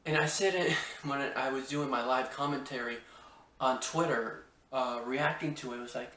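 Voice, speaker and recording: A podcast host from Washington State chats casually about movies, rambling and exclamatory, tripping over restarts. His voice is medium-pitched and sharp at a moderate pace, recorded from a distance in a roomy, echoey space with a little hiss or hum.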